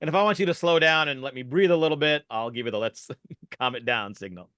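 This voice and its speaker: A man, a podcast guest and improv keynote speaker, explaining an exercise with animated energy over a video call. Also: a little high, dry recording. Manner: animated, fast-talking.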